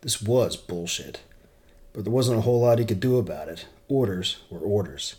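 A man with a low voice reads a story aloud. He keeps a plain, steady storytelling tone. His delivery is straightforward. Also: moderate pace. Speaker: audiobook narrator.

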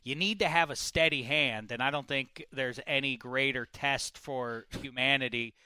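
A man hosting a comedy interview segment, playful and mock-serious, breaking into loud exclamations. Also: medium pitch, moderate pace, clean tone, dry recording. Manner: jokey, bursts into loud exclamations. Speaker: comedy show host.

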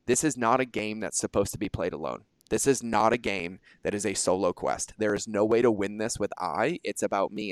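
A man hosting a podcast in casual conversation, energetic and animated, swearing freely and acting out quoted exchanges. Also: lowish voice, smooth, no room sound. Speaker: podcast host.

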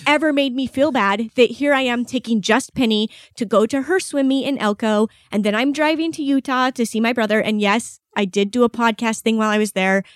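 Chatty woman podcaster, kinda high voice, dry close mic, says like a lot. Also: brisk, hardly any pauses, no echo. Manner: chatty, laughs often, uses "like" a lot. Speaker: podcast co-host. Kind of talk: casual chat.

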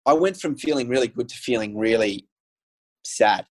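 This guest's voice sits in the mid-range, animated and moderately paced, though the audio quality is poor. He tells his own story in a relaxed chat, candid and sincere, often saying um and starting over.

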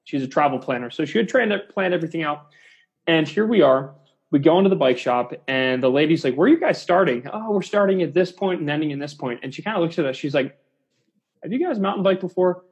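Guest man, coach, husky voice, rambling storyteller who acts out quotes. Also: a little high, lively intonation, fast talker, dull audio. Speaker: CrossFit coach, podcast guest. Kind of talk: casual chat.

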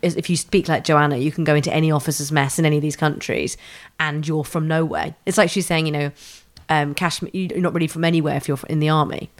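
A woman's voice: deep voice, fast talker, few pauses. A woman, thoughtfully discussing as a podcast co-host. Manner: thoughtful, musing, expressive. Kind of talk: casual chat.

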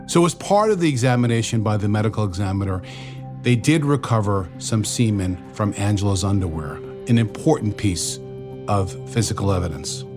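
A man's voice: lowish voice, lively intonation, fairly quick, over music. A man co-hosting a true crime podcast who explains investigations in a matter-of-fact way.

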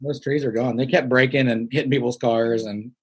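A man in the host seat of a relaxed conversation, putting questions in an easy, friendly way. His voice sits in an ordinary middle range, and he chuckles along with his guest. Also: medium pitch, a little fast, slightly rough. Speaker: interviewer. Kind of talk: casual interview.

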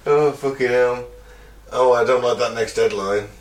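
A man's voice: mid-range voice, steady tone, normal speed. A man co-hosting a casual comedy podcast, swearing freely, laughing often and playing up mock outrage. He is recorded from a distant mic in a roomy space. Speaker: podcast co-host.

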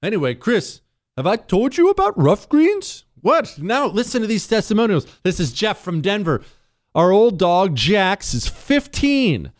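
A talk radio host, a man, rants with a lively, swinging delivery and keeps firing rhetorical questions. His voice sits a little high, and the studio sound is dry and close. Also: measured pace, dry recording. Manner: animated, mocking, rhetorical questions.

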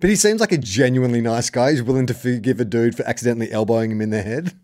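A man in an easygoing sports chat, joking and laughing often as he talks. His voice sits at a medium pitch. He is quick to play along with a gag. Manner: jokey, animated, laughs often. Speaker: podcast co-host. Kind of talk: casual chat.

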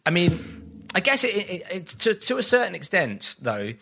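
A man in casual podcast conversation, rambling with restarts and slipping into little acted-out quotes. His voice has a bright, forward edge. He sounds self-deprecating and open. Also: sits high, huge pitch swings, moderate pace, creaky, breathy edge. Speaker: comedian guest.

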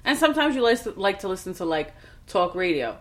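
A woman, co-hosting a podcast in casual chat and telling animated stories. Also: mid-range voice, fast. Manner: animated storytelling, laughing, quoting her daughter. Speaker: podcast co-host.

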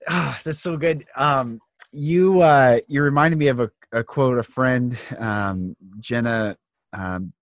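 A man's voice: medium pitch, takes it slowly, dry recording. A man hosting a conversational interview, affirming and reflective, drawing on sayings and scripture. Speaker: podcast host.

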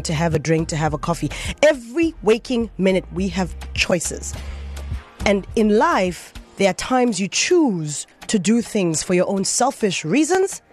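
A woman hosts a radio talk show. She is lively and emphatic, swinging between punchy declarations and softer asides. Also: mid-range voice. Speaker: radio host.

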